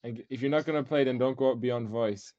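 A man with a non-native English accent leads a gaming voice chat in an impatient, bossy way, swearing as he herds players. His voice sits in a middle pitch. The sound is dull and lo-fi, like a cheap headset. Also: fairly quick, dark tone. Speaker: clan leader organizing a training match.

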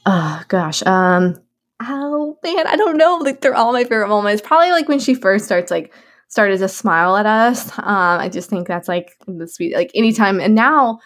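A young woman, a new mother, chatting casually and warmly about her baby, with lots of fillers and laughs. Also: medium pitch, lively intonation, normal speed. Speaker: new mom answering viewer questions. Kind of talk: casual chat.

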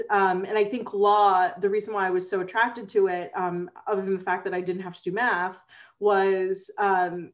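A woman, an author and former lawyer, talking in lively quick bursts on a panel. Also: medium pitch, dull audio. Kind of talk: casual panel chat on a video call.

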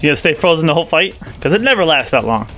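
A man's voice: a little high, sing-song, racing, bright, forceful tone. A man streaming a video game and commenting casually, with sarcastic, reactive asides. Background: game music and dialogue.

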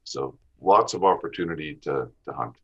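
A man's voice: very deep voice, normal speed, fairly bright tone, husky. A man from Western Canada with a Canadian accent, a podcast guest talking about hunting in a plainspoken way. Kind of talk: casual interview talk. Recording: dull lo-fi audio.

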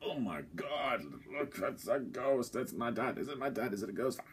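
A man's voice: mid-range voice, moderate pace, slightly rough, pitched above the performer's own voice. A man doing an overdramatic impression of a startled young man who gasps at seeing a ghost. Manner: gasping, overdramatic, breathless questions.

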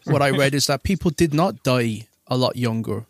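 A man's voice: medium pitch, moderate pace, no echo. A man, cracking dry jokes during a casual film commentary. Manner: dry wry jokes, swears. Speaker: podcast host. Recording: faint music behind.

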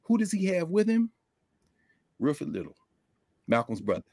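A man guest on a live video call, telling stories in a casual, animated way, laughing often. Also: a little high, moderate pace, no echo, studio quality. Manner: animated, loose, laughs often, drops into quoted voices. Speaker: guest scholar. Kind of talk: casual conversational storytelling. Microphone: desk microphone on a video call.

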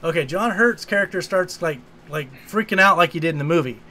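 A man's voice: a little high, brisk, slight background noise. A man co-hosting a casual podcast, retelling a movie with profanity and acting out the lines. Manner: animated storyteller, swears, acts out lines. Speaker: podcast co-host. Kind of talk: casual movie recap chat.

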